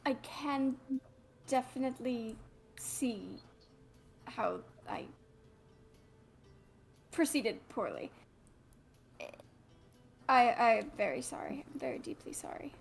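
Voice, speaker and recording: A woman's voice: fairly high pitch, animated, creaky, soft background music, exaggerated voice. A woman voicing an earnest, stammering apologetic man. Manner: halting, stammering repeats. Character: earnest, apologetic man fussing over a friend. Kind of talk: in-character tabletop role-play.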